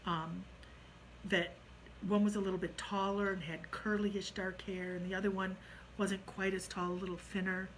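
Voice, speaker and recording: A middle-aged woman telling a personal ghost story in a casual, animated way, dropping to a hush at the eerie parts. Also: mid-range voice, moderate pace, a little hiss or hum, low-quality recording.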